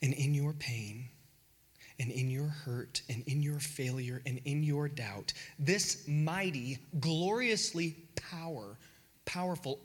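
A man preaching a sermon who repeats phrases for emphasis, builds to loud peaks and drops into whispers. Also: fairly high pitch, slow pace, in a large hall.

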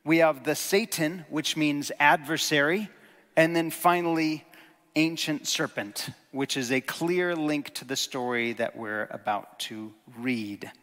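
A man delivering a lively sermon, his voice on the high side for a man. He talks casually and animatedly, tells jokes and hits words with strong emphasis. His voice rings out with the long reverb of a big hall. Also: unhurried. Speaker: preacher.

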